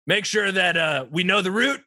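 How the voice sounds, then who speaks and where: A bright, high-pitched man barks orders in an improvised comedy scene. He plays a commanding officer who briefs his team and keeps checking in with "okay?". The sound is close and dry. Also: expressive, moderate pace, no room sound. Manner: bossy, briefing tone, ends lines with "okay?".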